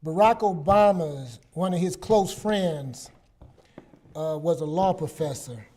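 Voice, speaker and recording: A man in his sixties, a psychologist appearing as a guest, tells personal stories in casual chat and acts out the lines he quotes. His voice is fairly high and his pace slow, and he's an animated storyteller.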